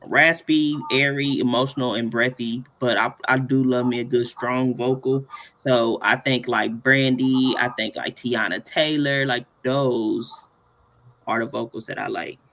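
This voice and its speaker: A man's voice: medium pitch, fairly even intonation, a little slow, a bit bright. A man hosting a casual live tutorial, chatty and playful, often laughing between points. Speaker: workshop host.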